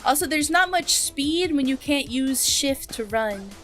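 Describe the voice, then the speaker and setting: A young woman chats through a horror game on her stream in a bright, high voice that leaps all over its range. She hums the tunes, teases her viewers and squeals now and then, taking her time with every line. Soft game music plays underneath. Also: lively intonation, measured pace. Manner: playful, hums and sings along, jumps to squeals. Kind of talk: casual live-stream chat. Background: faint game music.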